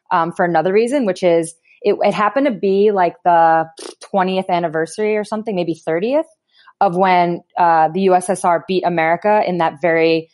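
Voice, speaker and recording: Woman guest spinning a lively anecdote in relaxed podcast chat. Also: on the low side. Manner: animated anecdotes with laughs and quoted voices. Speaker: guest, pro basketball player. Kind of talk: casual podcast storytelling.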